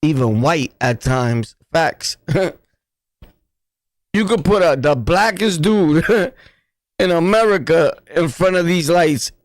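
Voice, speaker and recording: A man's voice: fairly high pitch, lively intonation, takes it slowly, long pauses, dry recording. A man with a New York accent hosting a casual livestream, talking bluntly in repetitive street slang. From New York City. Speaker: livestream host.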